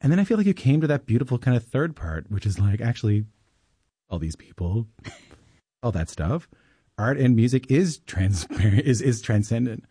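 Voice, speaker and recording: A man's voice: medium pitch, sing-song, moderate pace, dark tone, slightly rough, no room sound, studio quality. A man hosting an interview, rambling and enthusiastic as he thinks aloud. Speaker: interviewer, podcast host. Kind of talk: interview conversation.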